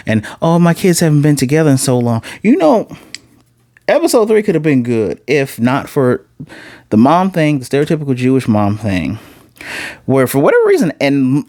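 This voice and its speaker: A Midwestern man reviews a show in a loose, rambling way, cutting himself off for asides and corrections. His pitch swings a lot and he sounds very expressive. The sound is dry and close. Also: dry recording. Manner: rambling, blunt, with frequent asides and self-corrections. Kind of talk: casual spoken review.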